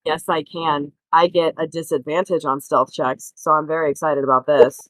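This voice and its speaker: A woman's voice: deep voice, little pitch movement, normal speed, no room sound, rough recording. A woman playing a tabletop game, describing her character in a playful, self-mocking way. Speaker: player. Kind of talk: casual tabletop play.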